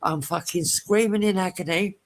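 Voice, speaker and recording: A woman's voice: lowish voice, normal speed. A British woman hosting a casual podcast chat, telling a crude story with lots of swearing and laughter.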